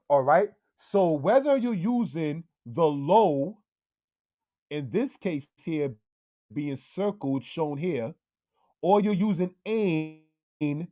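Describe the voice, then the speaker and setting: Man, Hebrew teacher, slow careful lesson delivery, slightly high voice, dry close sound. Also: dark tone, no echo. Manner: deliberate, repeats "all right?" and "family". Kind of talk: slow screen-share language lesson.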